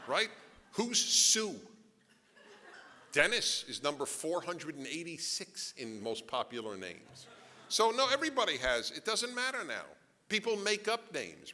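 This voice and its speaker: Animated man lecturing in a reverberant hall. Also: fairly high pitch, slight background noise. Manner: animated, joking asides, rhetorical questions. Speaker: author giving a talk. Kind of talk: lecture to a live audience. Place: large event hall.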